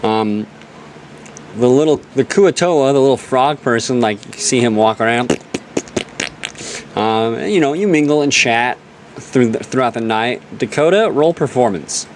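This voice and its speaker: A young man narrates a tabletop game as game master, his pitch swinging widely as he tells the scene. His delivery is joking and dramatic. A faint ambient hum sits behind him. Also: lively intonation, a little slow.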